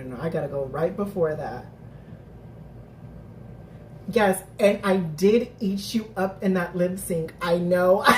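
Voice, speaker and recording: A woman hosting a live recap stream, chatting casually to her viewers, animated and thinking out loud with lots of restarts. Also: fairly low pitch, background noise. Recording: roomy, distant mic.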